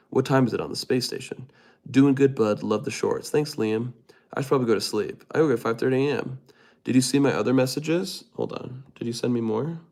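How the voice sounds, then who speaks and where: A young man runs a relaxed late-night livestream and talks straight to his viewers. He reads their comments aloud and fires back playful, joking replies with quick asides. His voice sits at an ordinary, middle pitch. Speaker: livestream host.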